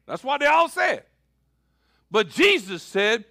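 A man preaching a sermon as pastor, switching between loud calls and quiet asides. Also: very high-pitched, very animated, slow, pauses often, no echo, clean studio sound.

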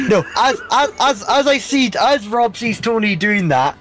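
Male player, high voice, very lively, excitable. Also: unhurried, soft background music. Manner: excitable, swears casually. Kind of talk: casual chat at a tabletop game.

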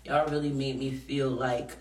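A woman's voice: rumbling low, flat delivery, normal speed, darkish tone, roomy sound, distant mic. A woman hosting a podcast in a studio, talking casually and frankly, laughing often and swearing freely. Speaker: podcast host.

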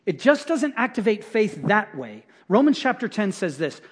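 A middle-aged male pastor delivers a sermon in a high-pitched voice. He keeps it conversational, acting out little quotes and hammering points through repetition. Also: sing-song, normal speed, husky.

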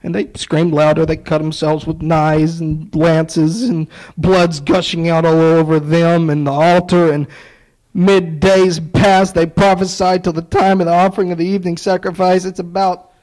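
A man's voice: on the high side, flat delivery, moderate pace, darkish tone, rough recording. A man preaching a sermon, retelling a story with acted-out dialogue and sarcastic asides.

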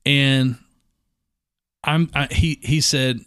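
A man's voice: medium pitch, fairly even intonation, drawn-out words, fairly bright tone, dry recording, studio quality. A man hosting a casual chat, telling self-deprecating stories and laughing often.

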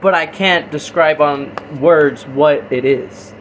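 A man's voice: a little high, slow pace, fairly bright tone, slight background noise, rough recording. A young man co-hosting a casual podcast with his brother, eager and rambling, sometimes talking while eating. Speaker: podcast co-host.

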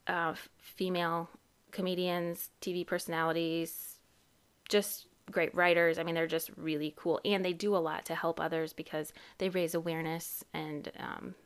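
A woman's voice: fairly low pitch, a bit bright, clean tone. A woman in her thirties hosting a casual podcast, chatty and rambling, often laughing and cutting herself off. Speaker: podcast host and therapist.

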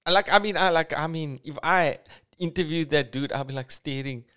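A middle-aged man rambling through a joking solo podcast, self-mocking and jumping between mumbles and loud bursts. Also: a little high, moderate pace. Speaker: podcast host. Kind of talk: solo comedic podcast monologue.

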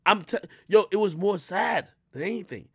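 A man's voice: sits high, expressive, moderate pace, creaky, slightly rough, dry recording. Blunt, profane man with a dry voice. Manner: blunt, profane, rambling storytelling. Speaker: commentator reacting to a clip. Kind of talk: casual reaction commentary.

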